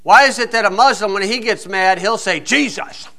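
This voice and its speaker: A man's voice: high voice, brisk, sharp tone. A man preaching a sermon in a folksy, joking and emphatic way.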